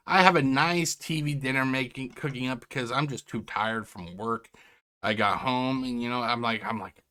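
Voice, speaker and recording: A man's voice: mid-range voice, sharp tone. A man hosting a reaction stream from home, talking in a rambling, sarcastic, self-interrupting way. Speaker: react channel host. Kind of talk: casual commentary. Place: home, indoors.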